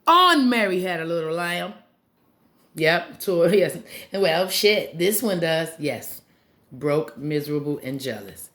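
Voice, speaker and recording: A woman giving a casual, profane recap of a reality show, blunt and animated, often mimicking the cast members. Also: on the low side, a little slow.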